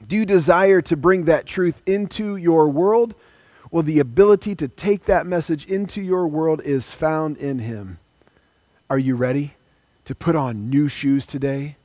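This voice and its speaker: A man's voice: a little high, darkish tone, dry recording. A man preaching a sermon as a pastor, earnest and pleading, inviting listeners to pray with him.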